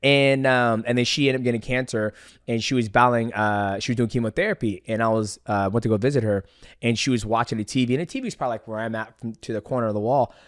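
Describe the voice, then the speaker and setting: A man in the host's chair, chatting casually and getting animated as he tells his stories. He swears freely and slips into voices for the people he quotes. The recording is close and dry, with almost no room sound. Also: mid-range voice, fast talker, no echo. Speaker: podcast host. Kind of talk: casual storytelling chat.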